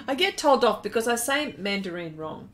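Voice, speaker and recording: A woman's voice: on the high side, a bit bright. An Australian woman running a live painting demonstration, chatting and giggling as she reads out viewer comments and greets people by name. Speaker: art instructor on a live stream. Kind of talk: live-stream painting demo, reading chat aloud.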